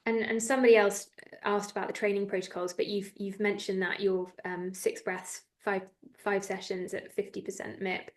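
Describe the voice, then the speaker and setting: A woman's voice: medium pitch, level tone, normal speed. A woman hosting a webinar, asking questions in a friendly, slightly hesitant way on a video call. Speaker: webinar host. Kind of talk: conversational interviewing.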